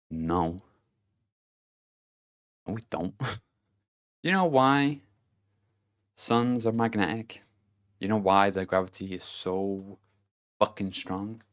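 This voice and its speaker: A young man giving a blunt, profane self-help monologue, laughing to himself and swinging between loud emphasis and low murmurs. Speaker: vlogger.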